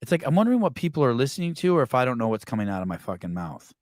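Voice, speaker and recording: A man hosting a podcast, chatting casually and swearing freely, getting animated as he rants. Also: racing, no room sound, clean studio sound. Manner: profane, animated, jumps pitch when ranting. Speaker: podcast host.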